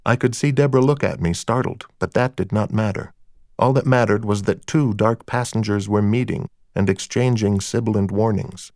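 A man's voice: on the low side, moderate pace, darkish tone, dry recording. A man narrating a first-person crime story in a dry, wry storytelling manner. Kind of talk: audiobook narration of a crime novel.

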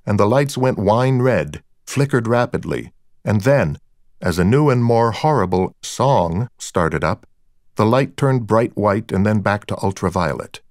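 A man narrating a first-person audiobook in a measured, wry storytelling manner. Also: fairly low pitch, expressive, dry recording, studio quality.

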